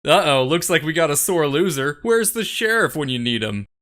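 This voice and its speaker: A man's voice: on the high side, lively intonation, moderate pace, fairly bright tone. A man in his twenties giving comedic scripted narration in a dry, sardonic manner.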